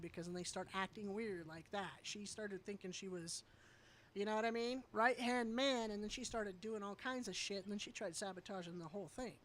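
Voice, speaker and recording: A woman's voice: mid-range voice, a little hiss or hum. A woman variety streamer telling a story to her chat in a blunt, heated way, swearing freely.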